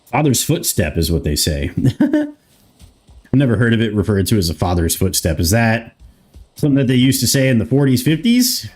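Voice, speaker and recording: A man's voice: fairly low pitch, animated, quick pace, a little mellow. An American man around thirty, streaming a game and chatting loosely with his viewers, rambling and swearing casually. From United States. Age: 30s. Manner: rambling, talks back to chat, swears casually. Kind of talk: casual gameplay commentary reading chat.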